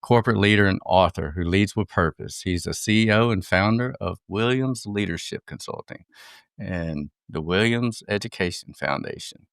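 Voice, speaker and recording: A man's voice: low voice, moderate pace, creaky, a bit bright, clean tone, no room sound, studio quality. A man with a slight Southern American accent, hosting a podcast with an upbeat manner. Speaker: podcast host. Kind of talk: podcast introduction and chat.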